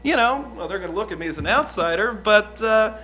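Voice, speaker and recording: Man doing a young outlaw on the stand, high voice, bright, folksy, rambling, hesitant. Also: expressive, fairly quick. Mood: heated. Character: young uneducated outlaw witness, defensive and blunt. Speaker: witness. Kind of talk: improvised courtroom drama.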